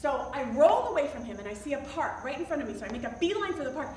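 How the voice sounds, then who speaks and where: A woman telling a personal story to a live audience, animated and self-deprecating. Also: sits high, very fast. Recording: roomy, distant mic with background noise.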